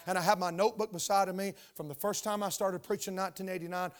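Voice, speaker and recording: An older male pastor preaching to his congregation in church. He speaks in a fairly high voice and keeps throwing questions out to the room, stressing his points. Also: fairly even intonation, quick pace. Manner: emphatic, call-and-response questions to the congregation. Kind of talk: sermon. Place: church sanctuary.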